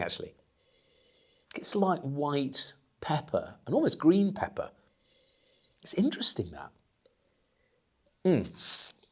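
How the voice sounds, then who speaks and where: A man presenting and tasting wines as a sommelier, talking in a chatty, enthusiastic way and savoring his words. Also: lowish voice. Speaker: sommelier presenting weekly wine picks. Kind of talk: casual wine tasting talk.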